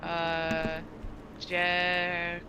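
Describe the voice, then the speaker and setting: A woman's voice: fairly low pitch, completely flat delivery, extremely slow, background noise. A woman player sharing thoughts on a tabletop game session in a hesitant, casual way full of fillers. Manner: hesitant, filler-heavy, laughing. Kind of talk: casual chat.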